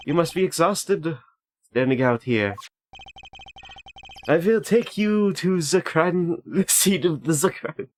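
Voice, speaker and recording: A man's voice: on the high side, animated, pitched above the performer's own voice. A man putting on a suave German rock-star prosecutor. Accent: put-on German. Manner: drawling, suave, slow.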